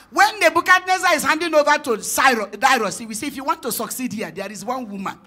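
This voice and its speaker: A woman pastor preaching a sermon, telling a personal story and acting out the dialogue, building up to shouted declarations. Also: on the high side. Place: church conference hall.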